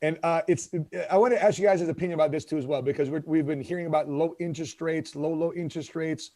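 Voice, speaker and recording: A man's voice: a little high, steady tone, fast, warm tone, no room sound. A man co-hosting a podcast in casual chat, talking conversationally and drawing his co-hosts in with direct questions. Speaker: podcast co-host.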